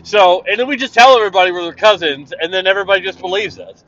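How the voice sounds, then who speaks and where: A man from Canada, loud and profane, rambling through a casual monologue while driving. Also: sits high, fast. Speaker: vlogger. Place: driving in a car. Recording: dull lo-fi sound, car noise.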